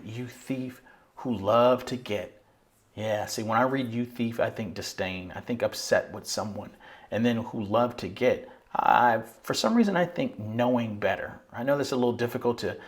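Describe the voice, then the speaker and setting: A man coaching young students on performing poetry, explaining step by step in a friendly, encouraging way and slowing down to recite lines with lifted expression. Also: lowish voice. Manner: slows and lifts his voice when reciting poem lines. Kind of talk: instructional video narration.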